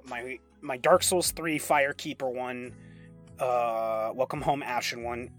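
A man's voice: mid-range voice, sharp tone. A man who performs and writes audio scripts, answering fan questions casually, rambling with lots of fillers and restarts and laughing often.

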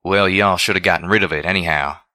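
A man's voice: sits low, fast talker, pushed and bright, dry recording, clean studio sound. A man reading a storybook voices a caring but stubborn farm-pony mare who speaks in a folksy country dialect. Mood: stern.

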